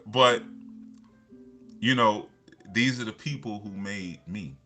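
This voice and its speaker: A deep-voiced man in a casual motivational talk, rambling through personal stories with frequent restarts. His tone is forceful and bright, pushing each point. Soft guitar music sits faintly underneath. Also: slow pace. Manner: rambling, with many repeated fillers and restarts. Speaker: motivational speaker.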